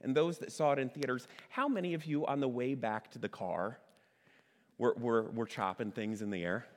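A middle-aged man preaching a sermon in a conversational way, asking his listeners questions and slowing down to stress key words. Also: medium pitch. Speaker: pastor. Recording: long hall reverb.

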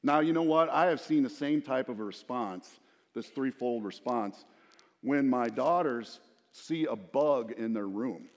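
A man's voice: mid-range voice, lively intonation, measured pace. A middle-aged man preaching a sermon in a conversational, storytelling way, with asides to the congregation. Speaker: pastor. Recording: long hall reverb.

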